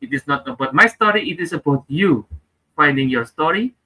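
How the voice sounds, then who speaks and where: A man who is a comedy guest, telling self-deprecating stories in an animated way. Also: fairly high pitch, fairly quick, low-quality recording. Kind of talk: comic storytelling.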